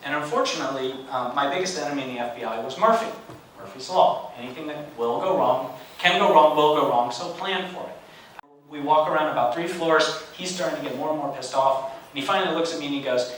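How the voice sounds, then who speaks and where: A man in his forties giving a storytelling lecture as a guest speaker, animated and conversational with wry humor. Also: a little high, fairly quick, slight background noise. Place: large university lecture hall. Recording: echoey hall, distant mic.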